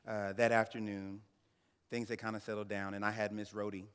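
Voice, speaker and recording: An earnest man in his thirties tells his own story as a guest speaker. He leans on slow, emphatic phrases in a lowish voice. Long reverb from a large hall trails his words. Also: flat delivery, clean tone. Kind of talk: personal story speech.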